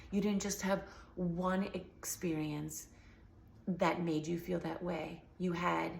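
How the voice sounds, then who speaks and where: A woman's voice: on the low side, flat delivery, slow, creaky. Woman vlogger, casual and rambling, slightly sore voice; echoey room, faint background hiss. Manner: earnest, rambling, many fillers. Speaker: healing vlogger. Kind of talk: casual talk to camera.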